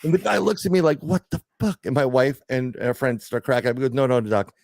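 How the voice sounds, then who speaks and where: A middle-aged man telling a story in casual podcast chat, animated and joking, with some swearing. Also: medium pitch, quick pace, gravelly, no echo, clean studio sound. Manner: animated storyteller, swearing, laughing through jokes. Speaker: podcast guest.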